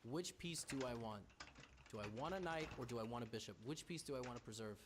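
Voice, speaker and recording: A man's voice: mid-range voice, animated, fast talker, noisy background. A man playing chess and thinking his moves through aloud, with stammering restarts and wry teasing of his opponent. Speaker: chess streamer.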